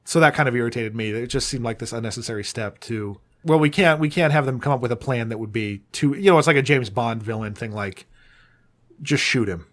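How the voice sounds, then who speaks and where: A man co-hosting a podcast in casual chat, making dry, deadpan jokes. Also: medium pitch, a little fast. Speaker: podcast co-host.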